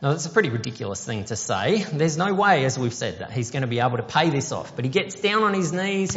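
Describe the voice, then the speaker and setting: A man's voice: mid-range voice, sing-song, fast talker, few pauses, fairly bright tone. A man preaching a sermon, explaining a parable conversationally and asking the congregation questions. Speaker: pastor. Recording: dull sound with long hall reverb.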